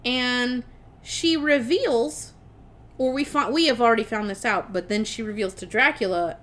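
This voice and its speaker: A young adult woman on a podcast, casually retelling a film plot with lively swearing and laughter. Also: a little high, a little slow. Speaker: podcast co-host reviewing a film. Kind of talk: casual chat.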